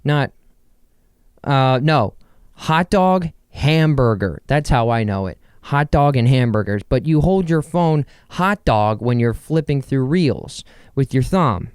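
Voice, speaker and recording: A young man hosting a casual solo podcast from his bedroom, rambling and joking with quick asides to himself. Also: medium pitch, expressive, a little mellow, clear, resonant tone, no room sound, studio quality. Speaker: podcast host.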